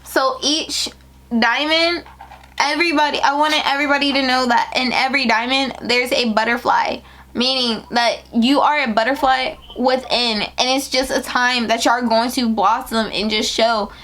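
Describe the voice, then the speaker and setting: A young woman unboxing her new business packaging in a casual vlog, excitable and emotional, talking in slang. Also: high voice, normal speed. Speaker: beauty business owner.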